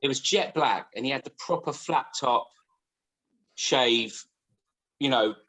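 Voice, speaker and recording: A man's voice: mid-range voice, takes it slowly, bright, forceful tone, poor audio. A man co-hosting a casual podcast, telling long, rambling anecdotes. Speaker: podcast co-host. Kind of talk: casual chat.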